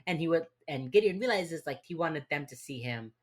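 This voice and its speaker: A woman's voice: deep voice, animated, brisk, breathy edge. A woman co-hosting a podcast, recapping a TV episode in casual chat with wry, dry asides. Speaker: podcast co-host.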